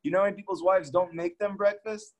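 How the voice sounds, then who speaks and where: A man's voice: high voice, steady tone, fast, a little mellow, highs cut off. A man, a rabbi, giving an earnest and emphatic Torah teaching talk that drives home each point by repeating it.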